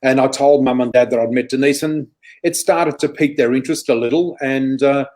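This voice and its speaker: A man's voice: mid-range voice, brisk, darkish tone, poor audio. Chatty Australian man telling stories. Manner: chatty, self-correcting, acts out quotes. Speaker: guest psychic. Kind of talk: anecdotal interview storytelling.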